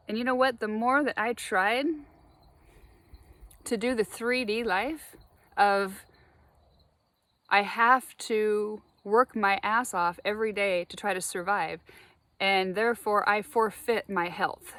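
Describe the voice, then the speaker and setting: A woman talking straight to her viewers in a rambling spiritual monologue, animated, laughing often and swearing freely. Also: mid-range voice, takes it slowly, long pauses. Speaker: spiritual vlogger.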